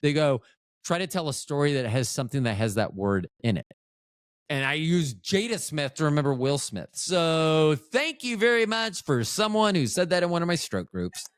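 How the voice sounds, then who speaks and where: Rambling, profane man with a lively voice. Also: on the high side, moderate pace, clear, resonant tone, dry recording, clean studio sound. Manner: rambling, profane, self-interrupting. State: recovering from a stroke. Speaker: podcast host. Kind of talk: casual rambling monologue.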